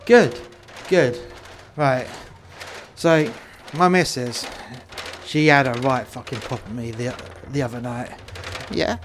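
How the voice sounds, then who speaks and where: Brief: man, crude and profane, rambling role-play chatter, average pitch, faint background noise. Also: slow, long pauses. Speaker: player in prison role-play. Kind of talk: casual role-play chat.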